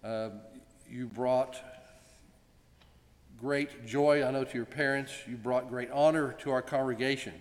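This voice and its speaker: Man, congregation president, mid-pitch, gently joking ceremonial speech, reverberant sanctuary. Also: fairly even intonation. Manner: warm, gently joking, with frequent pauses. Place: synagogue sanctuary. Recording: long reverb in a large sanctuary.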